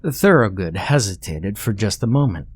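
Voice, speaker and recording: A man reading a horror story aloud as scripted narration, steady and measured. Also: on the low side, breathy edge.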